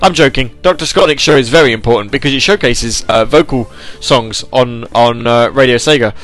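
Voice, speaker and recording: Talking fairly quickly in a bright, mid-range voice, a young Brit hosts a casual live internet radio show with faint music behind him. He rambles and mocks himself, occasionally putting on an announcer voice that has made his throat sore.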